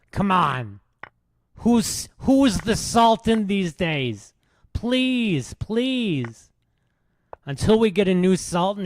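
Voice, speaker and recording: A man doing a loud, repetitive parody impression of a male comedian. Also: high-pitched, voice pushed up, exaggerated voice. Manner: shouty, repetitive, strained.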